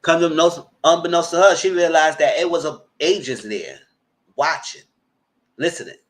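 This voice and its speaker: A man hosting a TV recap channel retells a story loudly and dramatically at a moderate pace, swearing and tossing in "girl" and "y'all" asides. He sometimes squeals in high voices for the people he quotes, in an animated, casual recap.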